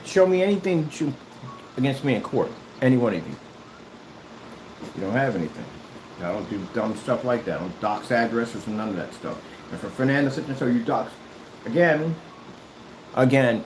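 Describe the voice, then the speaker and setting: A man talks straight to his viewers in a heated, mocking rant. He is combative and circles back to the same points again and again, and his voice sits in a medium pitch. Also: reverberant, background noise. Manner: repeats himself often. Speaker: YouTuber. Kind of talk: ranting callout video.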